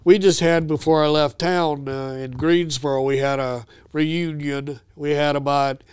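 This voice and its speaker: A man's voice: a little high, steady tone, a little slow, clean tone, no room sound, studio quality. An older man, a retired trainer, reminiscing and telling stories in a casual podcast chat. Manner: reminiscing storyteller. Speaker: guest, retired hockey trainer.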